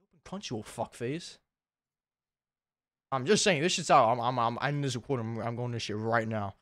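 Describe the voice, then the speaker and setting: A man's voice: medium pitch, fast talker, fairly bright tone, dry recording. A tired young man rambles through an unedited home vlog, swearing freely and putting himself down. His voice sits in an average range, and the recording is dry and close with almost no room sound. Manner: rambling, heavy cussing, self-deprecating. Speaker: YouTuber. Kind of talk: casual unedited vlog chat.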